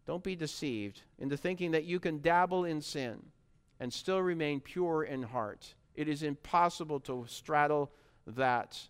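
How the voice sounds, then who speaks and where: A man preaching a sermon to his congregation, earnest and steady, rising to emphatic bursts when he reads scripture. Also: fairly high pitch, a little slow, smooth.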